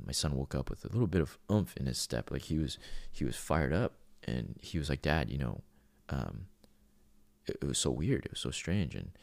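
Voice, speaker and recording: Very deep, gravelly-voiced man. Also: no room sound. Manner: earnest and heartfelt. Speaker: podcast host. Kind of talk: reflective podcast monologue.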